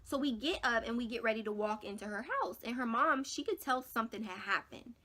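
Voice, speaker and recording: Animated young woman telling a story, bright voice. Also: fairly quick. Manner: animated, dramatic storytelling with big jumps in pitch and loudness; casual slangy talk, addresses viewers as y'all. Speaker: vlogger. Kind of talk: storytime vlog.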